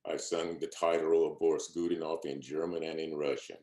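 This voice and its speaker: A man's voice: a bass voice, little pitch movement, fairly quick, darkish tone, roomy sound. An older man, an opera singer, earnestly and humbly reminiscing about his career in an oral history interview. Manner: reminiscing, earnest, humble, repeats quoted speech. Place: at home, on a video call.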